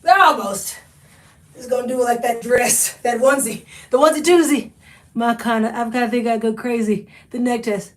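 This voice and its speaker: Chatty high-voiced woman, sniffly. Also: moderate pace, distant mic. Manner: chatty and expressive, talks to viewers, laughs often. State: sniffly from allergies. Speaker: thrift haul host. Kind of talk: live-stream haul chat. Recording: echoey room, mic set back.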